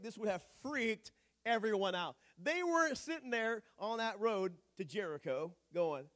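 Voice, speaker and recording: A male pastor preaching a sermon in an animated, joking, conversational way. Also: high voice, a little slow.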